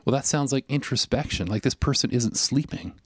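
A man's voice: mid-range voice, a little fast, a bit bright, dry recording. A man preaching a sermon in a reflective, conversational way, often using fillers as he thinks aloud. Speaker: pastor.

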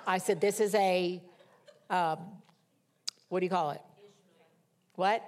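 A middle-aged woman preacher reading scripture and telling a humorous personal story in a lively sermon. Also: lowish voice, takes it slowly, pauses often.

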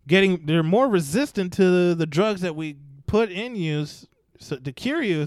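A man with a fairly high, clean voice runs through news stories in a casual vlog style. He is blunt and profane and mocks the people he talks about. The sound is close and dry, with no room around it. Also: clear, resonant tone, no echo. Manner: blunt, profane, mocking, animated. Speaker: news commentary host.

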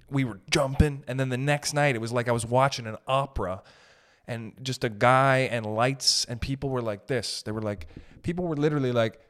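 A young man ranting in a profane, animated way during casual podcast chat. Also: mid-range voice. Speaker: podcast host.

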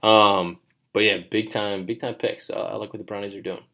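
A man's voice: fairly low pitch, flat delivery, brisk, pushed and bright. A man co-hosting a podcast in a studio, chatting casually in a rambling, joking way. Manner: rambling, laid-back, joking. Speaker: podcast co-host. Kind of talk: casual chat.

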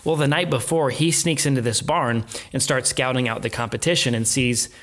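An adult man tells a story in an easy conversational way. He animates the retelling with quoted voices and short laughs. His voice sits at an ordinary middle pitch. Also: fairly even intonation, brisk, a bit bright. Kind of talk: casual storytelling chat.

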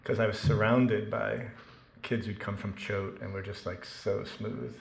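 A man's voice: fairly low pitch, steady tone, unhurried, gravelly, reverberant, slight background noise. A man giving a talk before reading from his novel to an audience, self-deprecating and joking, with plenty of ums and restarts. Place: lecture room with an audience.

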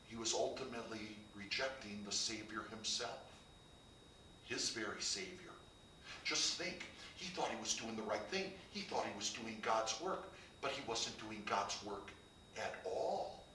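A man's voice: medium pitch, bright, forceful tone, slight background noise. A man preaching a sermon, building to emphatic, rising passages. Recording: echoey room, heard from a distance.

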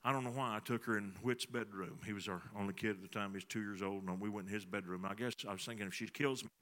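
A man's voice: lowish voice, fairly even intonation, quick pace, fairly bright tone. A middle-aged man, preaching a sermon in a folksy storytelling way and talking to the congregation. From Texas. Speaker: pastor.

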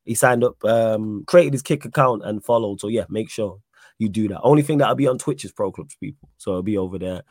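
A man's voice: on the low side, fairly quick, darkish tone, no room sound, studio quality. A man hosting a casual live stream, chatting and reading out viewer messages, with a slight cough. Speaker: stream host.

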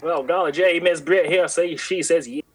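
A man's voice: a little high, normal speed, husky. A man voicing a cheerful young southern woman with an exaggerated drawl. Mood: folksy. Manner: exaggerated hick drawl with yee-hollers.

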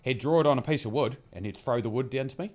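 Casting: young New Zealand man, easygoing guest, dry self-deprecating humour, mid-pitched voice. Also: fast. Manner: laid-back, self-mocking, dry humour. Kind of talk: casual storytelling chat.

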